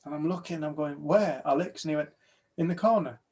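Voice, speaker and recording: A man's voice: on the high side, fairly even intonation, fast talker, darkish tone. A man from the United Kingdom telling a personal story to a group, animatedly acting out other people's lines.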